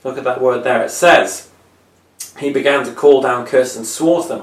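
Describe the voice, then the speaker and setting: A man preaching a children's sermon, retelling a Bible story conversationally and dropping to a hush for emphasis. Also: mid-range voice, normal speed, reverberant, distant mic.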